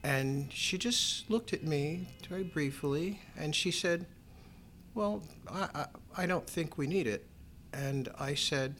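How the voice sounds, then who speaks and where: A middle-aged man in an interview, telling a personal story in a measured, wry way, raising his pitch to act out other people's lines. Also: fairly bright tone, a little hiss or hum.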